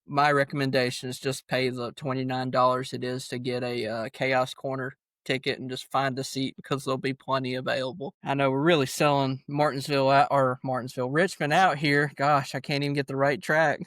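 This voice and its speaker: A man's voice: medium pitch, little pitch movement, a little fast, hardly any pauses, a bit bright, dry recording. A young man co-hosting a casual sports podcast, joking and laughing often as he talks. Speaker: podcast co-host.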